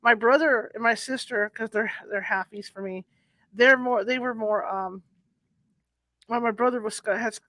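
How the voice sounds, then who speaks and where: Upbeat woman hosting a live show, bright voice, dry close sound. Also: on the high side, dry recording. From half Mexican, half Hungarian heritage. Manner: excitable, talks fast when thrilled. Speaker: show host. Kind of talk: casual live-stream hosting.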